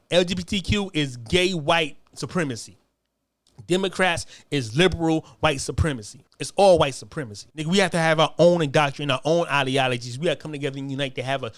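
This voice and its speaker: A man's voice: a little high, no room sound. An American man delivering a heated, profane monologue, hammering his points with repeated phrases. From United States. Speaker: commentator.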